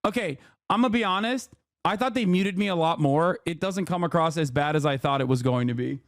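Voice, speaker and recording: High-voiced profane male streamer, dry sound. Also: brisk, dry recording. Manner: profane, animated and boastful. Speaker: streamer and political commentator. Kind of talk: casual reaction stream.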